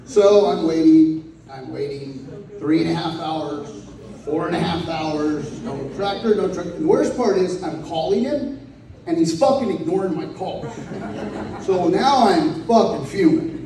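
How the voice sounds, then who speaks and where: At a celebration of life, a man delivers a profane, comic eulogy in a hall, mimicking the voices of the people in his stories. His voice is high and warm, with slight background noise, and the recording sounds echoey and distant.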